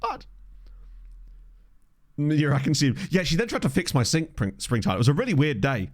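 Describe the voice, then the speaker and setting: A man's voice: a little high, big pitch swings, a little fast. A man chatting casually with his viewers over a game, rambling and self-deprecating, on a desk microphone. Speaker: gaming streamer. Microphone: desk condenser microphone.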